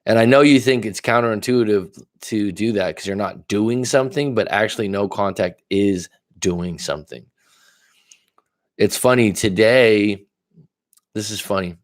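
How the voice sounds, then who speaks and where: A man's voice: low voice, no echo, studio quality. A man as a dating coach, chatting on a livestream, answering viewer comments and telling candid stories in a blunt way with casual swearing. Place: lives in Thailand.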